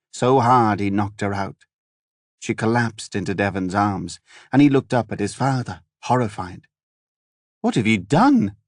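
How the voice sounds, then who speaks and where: A man narrating a fantasy audiobook in an even, measured storytelling manner. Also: lowish voice, no echo, clean studio sound. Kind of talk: scripted narration.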